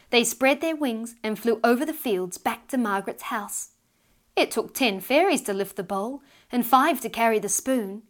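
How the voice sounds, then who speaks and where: A woman reads a fairy tale aloud in a gentle, expressive storytelling voice. Her pitch sits slightly high, and she takes an easy, unhurried pace as she reads. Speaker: author and narrator. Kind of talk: storybook reading.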